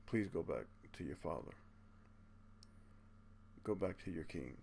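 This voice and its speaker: A man with a gravelly, low-pitched voice delivers an impassioned monologue to his viewers. He sounds earnest and preachy, keeps tacking "man" onto his sentences and curses without holding back. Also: expressive, measured pace, a little mellow, a little hiss or hum. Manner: blunt, curses casually. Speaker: video channel host.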